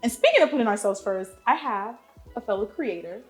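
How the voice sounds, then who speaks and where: Lively, sassy woman host. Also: mid-range voice, fairly quick, soft background music. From Nigeria. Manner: playful, sassy, animated. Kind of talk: casual chat.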